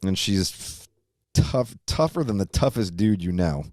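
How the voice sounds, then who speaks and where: A deep-voiced man in his fifties hosts a podcast and tells a rambling personal story, full of swearing and frequent laughter. The sound is dry and close, with no room around it. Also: lively intonation, a little slow, a little mellow, no echo. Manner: rambling, profane, laughs often. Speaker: podcast host. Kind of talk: casual storytelling chat.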